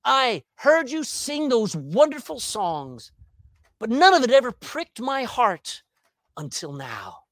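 Preacher doing a humbled jailer: pleading, halting, lively pitch. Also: male voice, no room sound, heavily acted.

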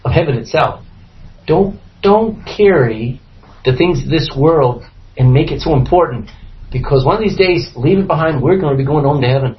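Guy teaching bible study, really lively up and down voice, kinda dull lo-fi recording. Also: a little high, normal speed. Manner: animated, acts out scripture voices with laughs.

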